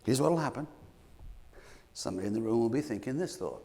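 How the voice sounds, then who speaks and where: A British man giving an energetic, playful motivational keynote as a leadership coach, calling out to the audience from a conference stage. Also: medium pitch, a little fast, long pauses, long reverb tail. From Britain.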